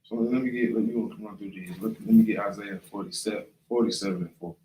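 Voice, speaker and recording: A man's voice: on the low side, steady tone, quick pace, mellow, reverberant, slight background noise, rough recording. A man leading a casual Bible class, talking loosely and often checking in with the listener. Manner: conversational, often asks "right?" and "you know what I'm saying?". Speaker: class leader.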